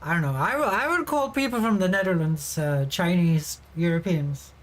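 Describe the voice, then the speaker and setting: A woman's voice: lowish voice, lively intonation, moderate pace. A woman streamer from Sweden in casual livestream chat with her viewers, rambling, giggling and swearing freely.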